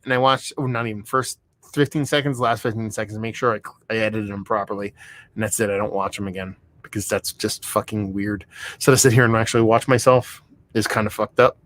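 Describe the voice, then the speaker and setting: A man hosting a livestream beer review, talking in a rambling, excitable, heavily profane way. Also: medium pitch, a little fast. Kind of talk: casual livestream chat. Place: home room.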